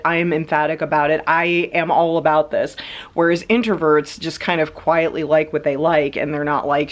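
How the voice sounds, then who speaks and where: Woman vlogger, low voice, loose rambling chat full of asides and hedges. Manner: rambling, lots of hedging fillers. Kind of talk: casual chat.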